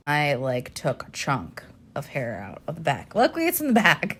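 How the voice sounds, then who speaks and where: A woman's voice: low-pitched, huge pitch swings, measured pace, a bit bright, slightly rough. A woman vlogger chatting casually to her viewers, rambling with lots of fillers and laughs. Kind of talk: casual chat.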